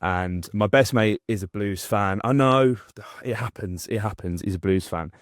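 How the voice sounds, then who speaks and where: A young man rambles through a story with lots of restarts and fillers. His voice sits fairly low. The recording is dry and close, with no room sound. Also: a little slow, no room sound. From English Midlands. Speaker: podcast co-host. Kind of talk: casual chat.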